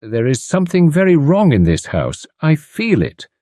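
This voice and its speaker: A man's voice: on the high side, wildly swooping pitch, normal speed, dark tone, no room sound, studio quality, pitched above the performer's own voice. A man doing a solemn young woman medium. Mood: ominous. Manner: solemn, ominous pronouncements. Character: sharp young woman medium, flatly certain.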